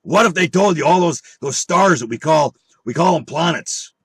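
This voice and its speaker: A man's voice: a little high, animated, moderate pace, fairly bright tone, breathy edge, dry recording. A man on an angry monologue full of swearing and rhetorical questions. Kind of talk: angry profane rant.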